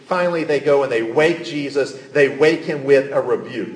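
Earnest man preaching in an echoey room. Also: on the high side. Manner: earnest, rhetorical questions, voice rising on pleas. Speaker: pastor. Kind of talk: sermon.

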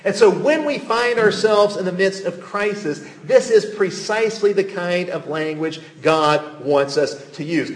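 A pastor delivers a sermon with earnest conviction, asking rhetorical questions and rising on the pleading passages. His voice sits a little high for a man. The sound rings with the echo of a large room.

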